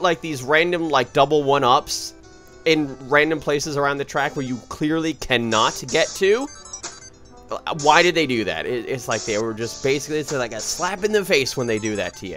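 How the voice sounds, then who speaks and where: A man giving casual, rambling commentary over a video game he is playing, often correcting himself and breaking into excited outbursts. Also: a little high, moderate pace. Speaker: let's play host. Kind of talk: gameplay commentary. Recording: faint game music behind.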